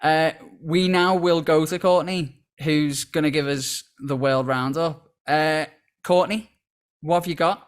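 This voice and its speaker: Male co-host, casual halting chat, slightly high voice. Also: fairly even intonation, clear, resonant tone. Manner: chatty, halting, many restarts. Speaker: podcast co-host.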